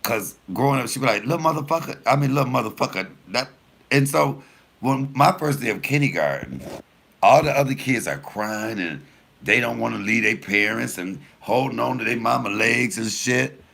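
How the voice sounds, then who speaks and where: A man's voice: mid-range voice, normal speed, creaky. A man, a comedian, telling profane stories casually and straight to his viewers with a laugh in his voice. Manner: animated, profane, laughing storyteller; addresses viewers directly.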